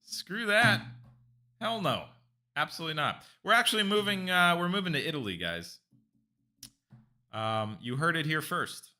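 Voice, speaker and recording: A man's voice: fairly high pitch, sing-song, normal speed, pauses often, pushed and bright. A man chatting casually with live stream viewers, rambling and talking straight to the chat. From United States.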